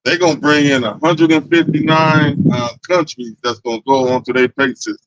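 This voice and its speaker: A man's voice: a little high, brisk, dry recording. A man in a casual group discussion, earnestly making a point to the others. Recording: dull dry recording.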